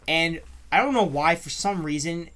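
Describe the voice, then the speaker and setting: A young man co-hosting a casual podcast, telling animated stories with many fillers and bursts of laughter. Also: a little high, normal speed, a little hiss or hum. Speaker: podcast co-host. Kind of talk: casual chat, storytelling.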